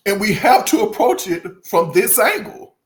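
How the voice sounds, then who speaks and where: A music channel host giving casual commentary, laughing often and talking straight to the viewers with folksy asides. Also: medium pitch. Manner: laughs often, chatty and animated.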